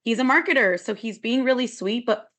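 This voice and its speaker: A woman's voice: a little high, animated, fairly quick, a bit bright. A woman therapist who is a podcast guest, speaking in a thoughtful, reflective way in casual chat.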